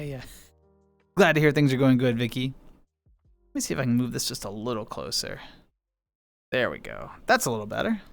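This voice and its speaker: A man's voice: mid-range voice, a bit bright. A man, casually chatting with viewers on a live stream, reading chat aloud and laughing often.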